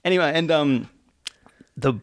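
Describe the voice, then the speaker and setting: A young adult man, a guest actor telling a story in an animated, casual way with restarts and swearing. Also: on the high side, normal speed, clear, resonant tone, no room sound, studio quality.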